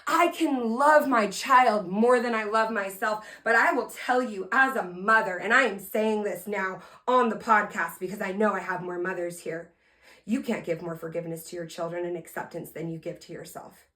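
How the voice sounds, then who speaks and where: A woman podcast host telling a story from her talk to students in an energetic motivational style, with sudden loud emphasis, soft earnest asides and direct questions to her listeners. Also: lowish voice, moderate pace. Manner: talks to listeners directly, asking them to respond.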